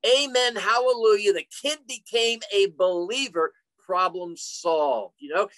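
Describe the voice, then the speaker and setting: A man's voice: high voice, a little slow, a bit bright, no room sound, rough recording. An older man presenting an online career talk, chatty and full of stories and joking asides. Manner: chatty, storytelling, jokey asides. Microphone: computer mic on a video call.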